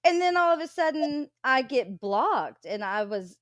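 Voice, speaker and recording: A woman's voice: sits high, very animated, unhurried, no echo. A woman co-hosting a livestream, ranting in casual chat with lots of swearing and mocking quotes. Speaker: livestream co-host.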